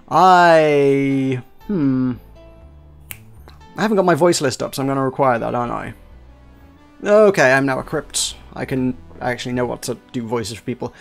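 A man's voice: medium pitch, creaky. A man rambling chattily while commentating on a video game. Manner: rambling, self-interrupting, chatty. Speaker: let's play host.

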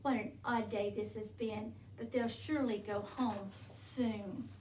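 Kindly, fussy wombat homebody, patient and gently fretting, read by a woman; roomy, faraway sound. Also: mid-range voice, fairly even intonation, measured pace, slight background noise, natural voice. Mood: weary. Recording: roomy, from a distance.

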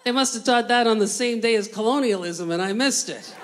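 A middle-aged woman from New Brunswick, Canada, hosting a talk show and doing a stand-up comedy monologue, animated with playful asides. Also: a little high, brisk, background noise. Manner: animated storyteller, playful asides, mock-exasperated.

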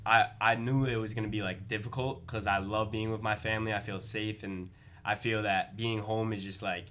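A man's voice: on the low side, steady tone, moderate pace, fairly bright tone, a little hiss or hum. A young man with a Long Island accent, a college student guest speaking earnestly and filling his speech with "like" and "uh". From Long Island, New York. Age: young adult. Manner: earnest, uses many likes and uhs. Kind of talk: casual interview chat.

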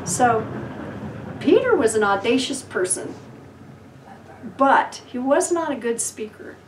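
A woman pastor preaching a sermon, telling Bible stories with lively acted-out voices and laughter. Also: a little high, takes it slowly, reverberant, distant mic, noisy background. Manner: animated storytelling, acting out voices and laughing.

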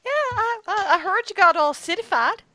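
A woman's voice: extremely high pitch, animated, moderate pace, bright, forceful tone, slight background noise, voice pushed up, heavily acted. A woman voicing a blunt young female ranch hand in a tabletop game, talking in a folksy drawl full of 'ain't'. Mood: wry.

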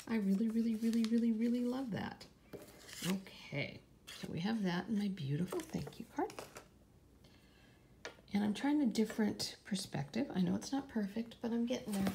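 Gushing woman with a gravelly edge. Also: medium pitch, a little hiss or hum. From California. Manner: chatty and gushing, often dropping to a soft whisper. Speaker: vlogger. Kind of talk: casual unboxing vlog.

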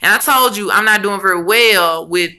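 A woman vlogging casually about her weight loss, chatty and expressive, talking straight to her viewers. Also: mid-range voice, moderate pace. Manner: chatty, addresses viewers as y'all and honey; emotional and expressive, rambling with restarts. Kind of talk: casual chat to camera.

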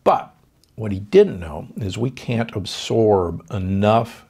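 A man's voice: lowish voice, lively intonation, takes it slowly, warm tone, slightly rough. An older man, a doctor hosting a podcast, giving confident health advice in conversation. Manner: confident, explanatory, with fillers.

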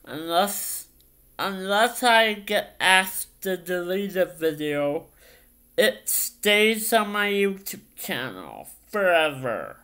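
Brief: male vlogger, crisp bright tone, halting, full of ums, very slow. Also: high voice, very animated. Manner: hesitant, many ums and repeated phrases. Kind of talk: casual vlog storytelling.

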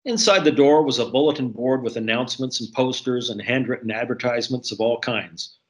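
A man's voice: medium pitch, low-quality recording. Middle-aged man reading his novel. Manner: steady, unhurried storyteller. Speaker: author and artist. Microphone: video call.

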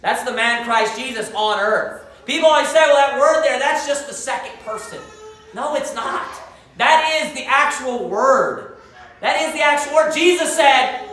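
A woman's voice: high-pitched, unhurried, a bit bright. A woman preaching a fervent sermon, quoting scripture in old-fashioned wording. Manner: fervent, quotes scripture in King James wording. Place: church sanctuary. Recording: very echoey church hall, mic at a distance.

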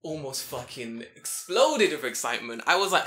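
A man hosting a podcast, telling a story in an excitable, profane, animated way. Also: on the high side, normal speed. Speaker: podcast host. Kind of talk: casual chat, storytelling.

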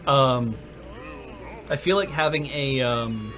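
A man co-hosting a game stream, chatting casually and rambling with lots of halting fillers. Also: medium pitch, crowd noise. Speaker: stream co-host. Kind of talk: casual gameplay chat.

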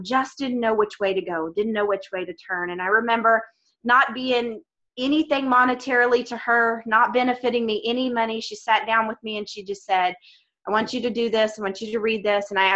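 Woman, motivational speaker on a video call, bright and punchy, slightly high, lo-fi audio. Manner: emphatic, encouraging, addresses listeners as guys. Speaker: guest speaker on a team call. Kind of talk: motivational team call talk.

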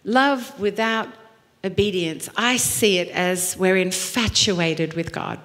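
A middle-aged woman pastor preaching a sermon, telling stories with lively acted quotes and emphatic repetition. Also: mid-range voice, slow pace. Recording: long hall reverb.

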